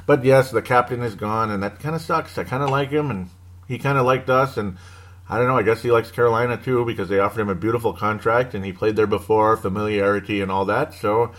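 A man's voice: lowish voice, fairly even intonation, quick pace, a bit bright. A man hosting a casual sports podcast on his own, rambling and joking and cutting himself off with little laughs. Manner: rambling, jokey, self-interrupting with laughs. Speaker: podcast host.

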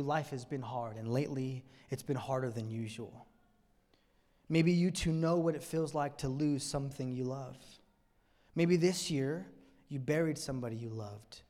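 Dramatic pastor in an echoing church. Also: male voice, mid-range voice. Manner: dramatic, swings from hushed to soaring emphasis. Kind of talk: sermon. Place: church sanctuary.

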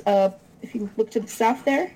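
A woman's voice: on the high side, moderate pace, warm tone, poor audio. A woman player in a tabletop role-playing game, talking earnestly and kindly. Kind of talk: tabletop role-play chat.

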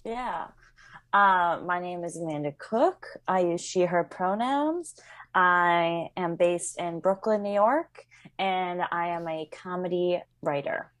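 A woman's voice: fairly low pitch, takes it slowly, a bit bright, no room sound. A woman being interviewed as a podcast guest, answering in a hesitant way with fillers. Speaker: podcast guest, comedy writer. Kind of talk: casual interview talk.

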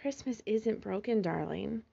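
A woman voicing a gentle mother fox who talks in a calm, soothing, motherly way, in a slightly muffled recording. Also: medium pitch, unhurried, gravelly, husky, full character voice.

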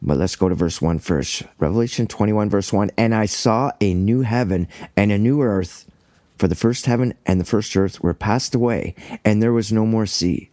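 A man's voice: lowish voice, normal speed, a little mellow, dry recording, studio quality. A man teaching from the Bible in a casual, earnest way, reading verses aloud and then explaining them with enthusiasm. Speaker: preacher.

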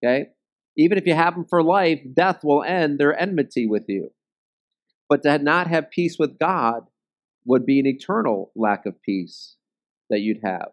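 A man's voice: on the high side, animated, moderate pace. A man teaching a Bible study in a conversational way, often checking in with "okay?" and "right?" and joking at his own expense. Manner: self-deprecating humor.

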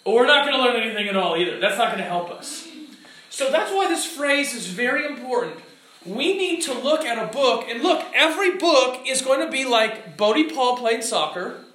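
A man teaching a class in a lively, illustrative way, acting out quotes and examples as he explains. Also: extremely high pitch. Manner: animated, illustrative, acts out quotes. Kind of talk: classroom lecture. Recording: echoey room with faint background noise.

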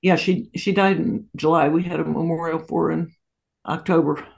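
This woman in her sixties speaks in a low, gravelly, steady voice at a moderate pace. As an interview guest, she tells family stories in a warm, anecdotal way full of laughter and side comments.

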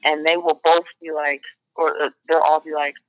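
A woman's voice: sits low, flat delivery, moderate pace, no room sound. A woman co-hosting a casual podcast chat, restarting sentences often and agreeing animatedly. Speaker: podcast co-host. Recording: dull lo-fi dry sound.

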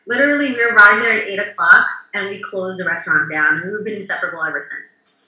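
In a reverberant, low-quality recording, a woman guest who works as an interior designer chats casually and bubbly, telling stories and voicing other people's lines. She talks fast in a mid-range voice with a sharp tone.

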